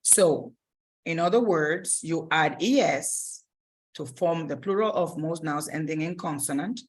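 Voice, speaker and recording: A woman's voice: low voice, unhurried. A woman teaching Spanish grammar in a recorded lesson, explaining patiently step by step and often stopping to rephrase.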